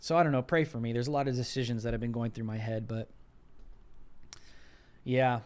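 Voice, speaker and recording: A man's voice: medium pitch, fairly quick, a little mellow. A young man hosting a political commentary livestream, talking in an impassioned way and hammering points through repetition. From United States. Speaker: livestream host.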